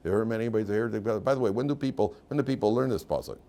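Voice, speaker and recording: An older man, a rabbi, teaching a Torah class. He reads out Hebrew quotes and explains them in English with lively, conversational asides. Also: fairly low pitch, rapid-fire, slight background noise.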